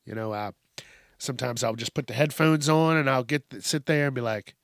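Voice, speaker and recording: A man's voice: medium pitch, brisk, fairly bright tone, no echo, studio quality. A man hosting his own podcast, ranting in a blunt, profane, rambling way. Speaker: podcast host. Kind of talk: casual monologue.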